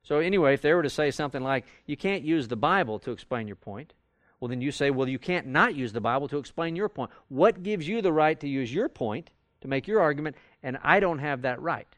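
Guy teaching bible study, chatty and animated, slightly high voice, dry sound. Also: brisk, no echo. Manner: conversational, animated, acts out quoted arguments. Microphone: recorded for audio with a live class.

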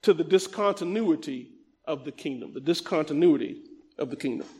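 A middle-aged man preaching a sermon, reading scripture slowly and emphatically, then breaking into quick conversational asides to the congregation. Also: fairly high pitch, lively intonation, darkish tone. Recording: long reverb of a large hall.

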